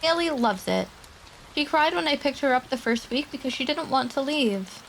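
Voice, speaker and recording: A woman's voice: high-pitched, animated, normal speed, gravelly, slight background noise, rough recording. A woman streamer reading horror stories aloud to her live chat, with casual chatty asides in between.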